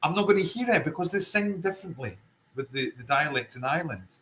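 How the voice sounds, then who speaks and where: A man's voice: fairly high pitch, lively intonation, fast, pushed and bright, rough recording. A Scottish man with a Fife accent, a paranormal investigator guest talking earnestly and emphatically in a casual interview, often circling back to his point. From Scotland.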